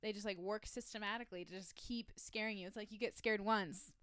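Chatty young woman with a clear voice. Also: medium pitch, fairly quick, dry recording, clean studio sound. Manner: chatty, animated, swears freely. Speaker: podcast host, storyteller. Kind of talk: casual chat.

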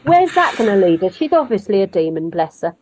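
A woman storyteller chatting in an interview, wry and animated, wandering off on tangents. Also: medium pitch, a little fast, slight background noise, low-quality recording. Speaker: storyteller guest. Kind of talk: conversational interview.

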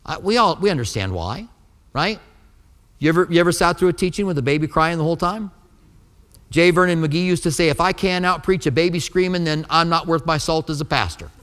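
A man delivers a sermon from the pulpit, slipping into conversational stories and voicing the people in them. His voice sits fairly high for a man. The sound carries the long reverb of a large church hall. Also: a little fast, fairly bright tone. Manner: conversational storytelling, acting out quoted dialogue. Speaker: pastor. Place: church sanctuary.

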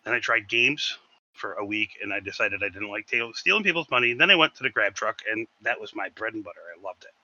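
A man on a podcast telling a story in casual chat, animated and swearing freely. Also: on the low side, fast talker, highs cut off. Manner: animated, swearing, acts out shouted quotes. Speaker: podcast co-host.

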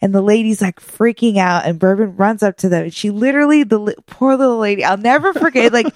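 A woman co-hosts a casual chat at a middling pitch, recorded close and dry with no room sound. She tells her stories with animation, laughing often and slipping into the voices of the people she talks about. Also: quick pace, darkish tone, no room sound.

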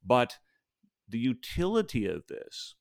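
A man's voice: mid-range voice, huge pitch swings, takes it slowly, creaky, darkish tone, no room sound, studio quality. A man hosting a podcast, talking thoughtfully and rambling a little, with fillers and restarts, over a video call from a home office. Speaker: podcast host. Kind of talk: casual conversational discussion.

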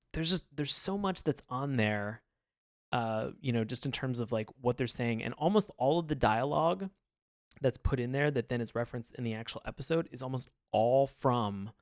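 A man co-hosting a podcast in casual chat, rambling and animated, laughing often. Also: medium pitch, dry recording, studio quality. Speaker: podcast co-host.

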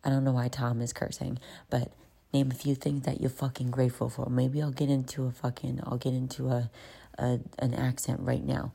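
A woman's voice: extremely low pitch, level tone, moderate pace, vocal fry, mellow, slightly rough. A woman recording a casual voice note about anxiety and sleep. She talks in a chatty, profane way and often drops into whispers. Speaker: vlogger. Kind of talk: casual self-help voice note. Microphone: phone voice note.

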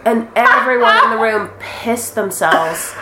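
Animated woman telling stories, echoey room. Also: fairly high pitch, measured pace. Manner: animated storyteller, acts out quotes, swears freely. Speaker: actress and guest. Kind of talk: casual interview chat. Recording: roomy echo with faint noise.

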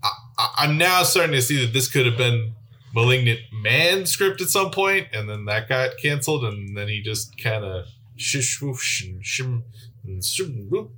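A man's voice: mid-range voice, expressive, normal speed, sharp tone. A man reviewing films on a podcast, thinking aloud in a musing way with many fillers. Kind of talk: casual chat.

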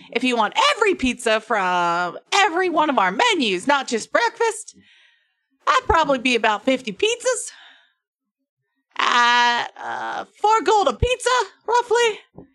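A woman voicing a cheerful halfling innkeeper in a put-on Australian accent, loud and sing-song. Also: sits high, wildly swooping pitch, a little slow, no echo, clean studio sound, voice pushed up, exaggerated voice. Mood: cheery.

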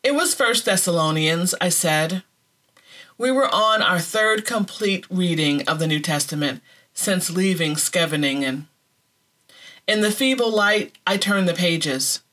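A woman reading a devotional book excerpt aloud in a measured, unhurried storytelling manner. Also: lowish voice, fairly bright tone. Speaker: reader.

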